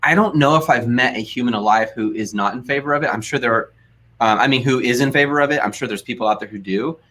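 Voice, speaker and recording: American guy hosting a webinar, upbeat, laughs a lot, mid-pitched voice. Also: a bit bright. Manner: upbeat, laughs often, quick asides. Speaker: host. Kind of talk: casual webinar chat.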